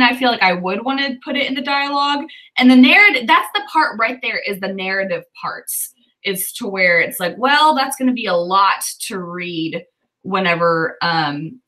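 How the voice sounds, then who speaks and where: A woman with a Southern US accent hosts a relaxed writing livestream. Her voice is bright and forward, and she thinks aloud in a chatty, easygoing way, filling pauses with plenty of ums. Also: medium pitch, poor audio. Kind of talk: casual livestream chat.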